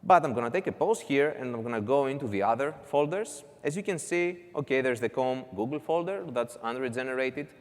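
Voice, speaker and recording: A man's voice: mid-range voice, big-room sound. A man giving a conference talk, walking through a live demo step by step with casual asides. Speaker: conference speaker. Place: conference hall.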